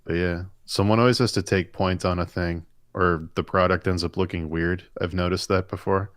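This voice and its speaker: A man's voice: deep voice, fairly even intonation, moderate pace, a bit bright, no echo, clean studio sound. A man co-hosting a live stream, reading viewer questions aloud and answering with rambling, enthusiastic stories. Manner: chatty, rambling, enthusiastic storytelling. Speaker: comic artist and co-host.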